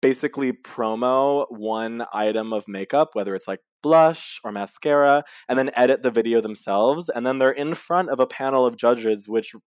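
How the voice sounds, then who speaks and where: A man in his twenties co-hosting a podcast in casual chat, wry and quick to laugh. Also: mid-range voice, dry recording, clean studio sound. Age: 20s. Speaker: podcast co-host. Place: indoors at home.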